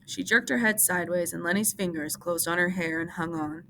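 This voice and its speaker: A woman teacher reads a novel aloud in a steady, measured way. Her voice sits low and carries a gravelly fry, and a faint hiss lies under it. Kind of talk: audiobook-style reading for class.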